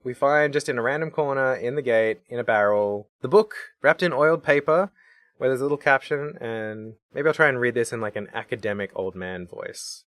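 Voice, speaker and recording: A man co-hosting a podcast, chatting about a video game in a relaxed, rambling way. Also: medium pitch, a little fast, no echo, studio quality. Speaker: podcast co-host.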